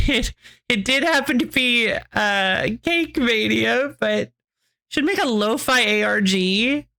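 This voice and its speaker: A woman streamer speaks slowly in a slightly high, creaky voice that's animated, bright, and forceful. Chatting casually and answering her viewers, she rambles, restarts sentences, and giggles a lot.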